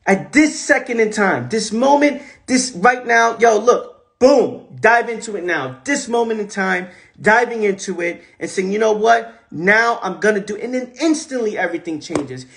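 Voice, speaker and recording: A man's voice: sits high, expressive, normal speed, gravelly, few pauses, a bit bright. A man hosting a live stream, speaking in an emphatic, repetitive, rambling way about how to live. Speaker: host. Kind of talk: casual motivational talk on a social media live stream. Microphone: phone.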